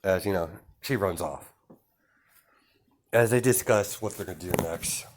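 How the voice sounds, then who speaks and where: A young man narrating a made-up fan story aloud in a low voice. He talks slowly, wandering through "you know" and "like," and often stops to correct himself. His telling sounds loose and unscripted. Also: noisy background. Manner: rambling, filler-heavy, self-correcting. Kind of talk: improvised fan-fiction narration.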